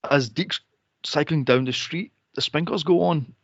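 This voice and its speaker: A man co-hosting a film podcast, sarcastic and profane, mocking characters with shrill impressions. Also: normal speed, a bit bright, no echo. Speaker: podcast co-host reviewing a film. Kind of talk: casual chat. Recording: dull lo-fi dry podcast audio.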